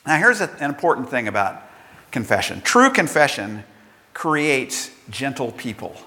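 Bright-voiced male pastor in a reverberant hall. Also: mid-range voice, sing-song, normal speed. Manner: storytelling, acts out the characters. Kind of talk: sermon.

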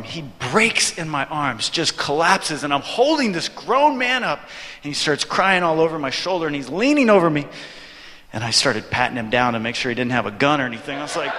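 Male preacher, storytelling sermon, bright forceful voice, slightly high, long hall echo. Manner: animated storyteller, acts out his own reactions.

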